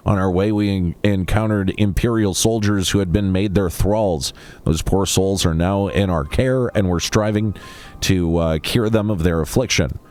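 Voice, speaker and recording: A man's voice: low-pitched, normal speed, a little mellow, faint music behind, lightly acted. A man reading aloud the lines of an earnest, diplomatic young male scholar in a video game, reassuring and careful with small stumbles.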